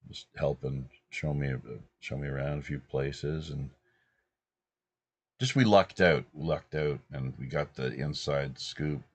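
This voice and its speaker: A man in his fifties from British Columbia, hosting and rambling through a relaxed anecdote. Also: rumbling low, measured pace, slightly rough, no echo. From British Columbia, Canada. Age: 50s. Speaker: host. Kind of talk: casual anecdotal chat.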